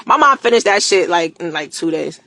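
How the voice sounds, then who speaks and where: A woman chatting casually on a live stream. She is animated, slangy and emphatic, repeats phrases for emphasis and laughs often. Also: lowish voice, fairly quick, dry recording. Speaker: livestreamer promoting a product.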